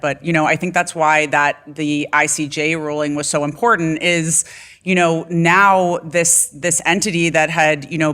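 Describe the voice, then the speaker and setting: Bright-toned woman speaking haltingly. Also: sits low. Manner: halting, full of "you know" and restarts. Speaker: guest activist. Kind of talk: live talk show conversation. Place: studio stage before a live audience.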